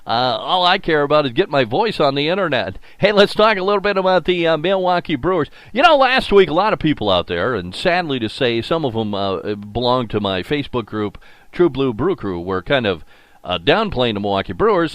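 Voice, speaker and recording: A man's voice: medium pitch, sing-song, fairly quick, fairly bright tone, no room sound. An older man hosting a solo sports talk show, folksy and rambling with lots of fillers. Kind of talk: solo sports radio podcast monologue.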